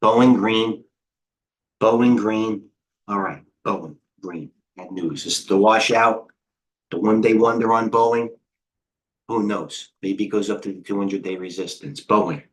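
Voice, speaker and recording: A middle-aged American man hosting a live trading stream, excitable and rambling, jumping between stocks with quick quips. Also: fairly low pitch, slight background noise. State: out of breath. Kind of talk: live market commentary.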